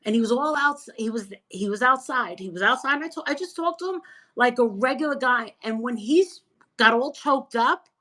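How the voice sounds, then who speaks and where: A woman guest in a casual chat, talking in an animated, emphatic, gossipy way. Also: on the high side, moderate pace, rough recording. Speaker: interview guest.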